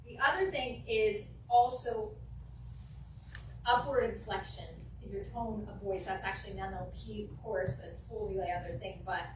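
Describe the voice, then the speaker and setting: A woman teaching a real estate class, acting out client conversations in a lively, animated way. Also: mid-range voice, a little hiss or hum. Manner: animated, acts out client dialogues. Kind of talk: classroom training talk. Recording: echoey room from a distance.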